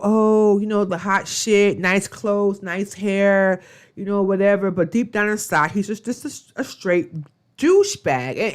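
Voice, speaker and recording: A woman reviewing a reality show in a casual, gossipy vlog, blunt and profane with rambling asides. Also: mid-range voice.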